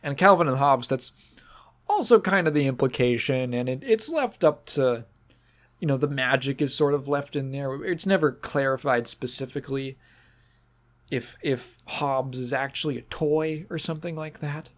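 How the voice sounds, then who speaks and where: A man hosting a podcast, talking in a halting, sentimental way and fighting back tears. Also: medium pitch. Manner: halting, sentimental, restarts often. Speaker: podcast host. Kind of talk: casual podcast monologue.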